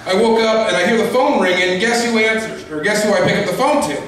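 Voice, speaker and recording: A man's voice: high voice, fast talker, fairly bright tone, a little hiss or hum. A man doing a stand-up comedy set on a club stage, ranting grumpily and crudely. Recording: echoey club from far off.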